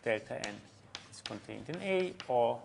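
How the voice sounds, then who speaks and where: A man giving a university mathematics lecture, halting often with fillers and restarts as he works through a proof. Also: medium pitch, animated, gravelly, noisy background. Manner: halting, many fillers and restarts while writing.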